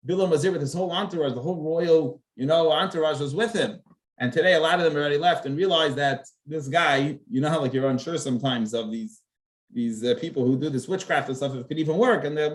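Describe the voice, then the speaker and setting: A man gives a casual Torah lesson in a somewhat high voice. He talks in an easy, conversational way and gets animated when he acts out the characters' lines from the text. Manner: animated, acts out the dialogue of the verses with rising pitch. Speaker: rabbi teaching a Torah class.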